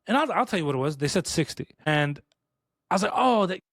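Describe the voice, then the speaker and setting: A man co-hosting a podcast, telling stories in a casual chat. He talks fast and rambles with restarts, and he acts out quoted lines in a raised voice. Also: a little high, big pitch swings, fairly bright tone, no room sound, clean studio sound. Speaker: podcast co-host. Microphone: studio podcast mic.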